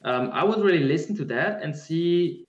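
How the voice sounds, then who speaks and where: Speaking as a guest on embodiment, this man has a slightly high, expressive voice at a moderate pace, captured in reverberant, lo-fi sound. He responds to a question in a thoughtful, chatty way, searching for words with many restarts and fillers.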